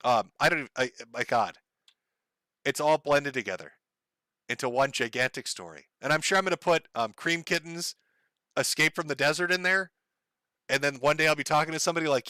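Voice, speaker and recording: A man's voice: fairly high pitch, a little fast, sharp tone, no room sound. A man hosting a casual livestream, rambling and swearing and laughing often. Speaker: livestream host.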